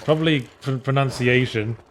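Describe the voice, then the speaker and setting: A man's voice: mid-range voice, moderate pace, noisy background. A man hosting a casual gaming podcast, chatting dryly with mocking asides and reading out viewer questions.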